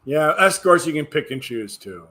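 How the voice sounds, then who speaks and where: A man's voice: a little high, very animated, normal speed, pushed and bright. Tired, rambling man streaming. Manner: rambling, hesitant, trails off into mumbles. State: tired, yawning. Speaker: livestreamer reading chat. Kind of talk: casual livestream chat.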